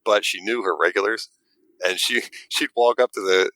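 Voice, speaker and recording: A man, a guest who makes models, telling an animated story in casual chat and acting out the quotes with little stammers. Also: fairly low pitch, moderate pace, no echo, rough recording.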